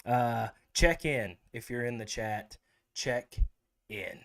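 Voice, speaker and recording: A man's voice: mid-range voice, takes it slowly, vocal fry, a bit bright. A man hosting a casual livestream chat show, rambling with many fillers. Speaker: host.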